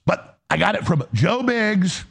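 A man's voice: high voice, sing-song, unhurried, vocal fry, breathy edge. A man hosting a talk show, ranting heatedly and jumping from point to point in a radio monologue.

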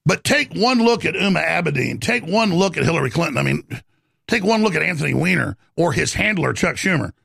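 A man's voice: fairly high pitch, sing-song, a little fast, fairly bright tone, dry recording, studio quality. A man hosting a talk radio show, delivering a rambling, heated monologue that jumps between topics. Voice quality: gravelly, raspy.

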